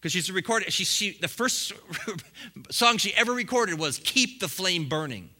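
A man preaching a sermon to a congregation, swinging from quiet asides to loud, fiery bursts with frequent chuckles. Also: high-pitched, animated, a little slow. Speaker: pastor.

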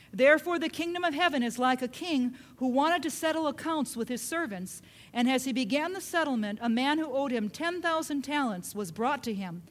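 A woman preaching a sermon, retelling scripture with animated, dramatic delivery. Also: sits high.

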